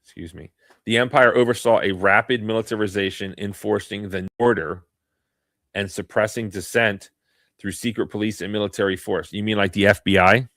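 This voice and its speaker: A man's voice: on the low side, fairly even intonation, normal speed, fairly bright tone, no echo. Dry-voiced man hosting with mock-serious sarcasm. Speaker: host. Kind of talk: live online talk stream.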